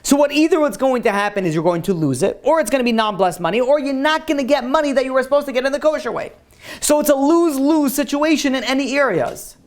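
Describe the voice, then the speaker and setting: A man's voice: very high voice, expressive, quick pace. A man, a rabbi, telling a story in a Torah lesson in a casual way, full of "like" fillers. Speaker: rabbi and teacher.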